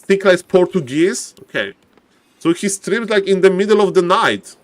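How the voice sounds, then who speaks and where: A man casting a strategy game live on stream, excitable and chatty, often shouting with excitement and thanking viewers by name. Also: normal speed. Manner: excitable, repeats "ladies and gentlemen", bursts into high-pitched shouts. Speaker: game caster. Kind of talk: live-streamed esports commentary.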